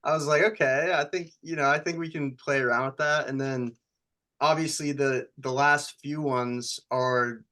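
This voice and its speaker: A man's voice: mid-range voice, fairly even intonation, moderate pace, sharp tone. A man, a screenwriter and actor, chatting casually in an interview, telling stories loosely with lots of fillers. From United States. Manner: rambling, loose storytelling with many fillers.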